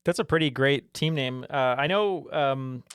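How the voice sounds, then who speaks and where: A man hosting a trivia podcast, talking casually and warmly with plenty of ums and uhs. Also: medium pitch, a little slow, clear, resonant tone, no room sound, clean studio sound. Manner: friendly, filler-heavy. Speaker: podcast host.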